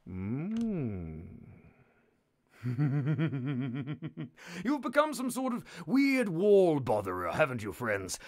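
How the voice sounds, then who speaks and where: A man's voice: fairly high pitch, wildly swooping pitch, extremely slow, pauses often, a little mellow. A man hosting a live text adventure game, narrating in a sardonic, mock-menacing, sweary way.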